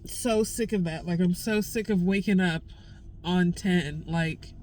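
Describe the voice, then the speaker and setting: A woman's voice: fairly low pitch, measured pace, a little mellow, a little hiss or hum, poor audio. A young woman vlogging candidly, venting raw frustration in casual slang. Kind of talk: candid personal vlog.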